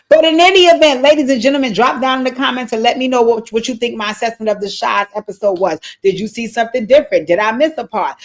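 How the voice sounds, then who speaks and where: Blunt, chatty woman recapping a show. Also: on the high side. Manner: animated, blunt, profane commentary; chatty, talks straight to viewers. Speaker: TV recap host. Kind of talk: casual episode recap.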